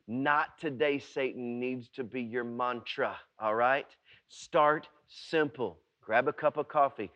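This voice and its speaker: A male pastor preaching a sermon, emphatic and repetitive, swinging between hushed and loud passages. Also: medium pitch, takes it slowly, dull audio.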